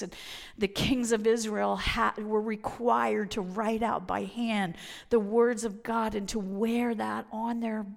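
Gravelly woman preaching in a big hall. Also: medium pitch. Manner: dramatic shifts from loud to whispered. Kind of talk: sermon with personal stories. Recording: long reverb of a hall.

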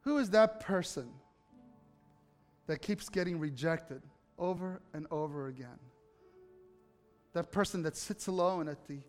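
A pastor preaches in a lively, storytelling way, slipping into the voices of the people in his anecdotes and then rising to fervent calls to the congregation. His voice sits a little high for a man. A long hall reverb trails his words, with faint music underneath. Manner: animated, acts out dialogue, builds to impassioned appeals. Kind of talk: sermon with personal storytelling.

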